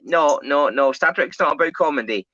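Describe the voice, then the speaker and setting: A man's voice: on the high side, moderate pace, bright, forceful tone, no room sound, muffled recording. A man co-hosting a casual fan discussion, rambling with lots of fillers and repeated words. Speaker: co-host.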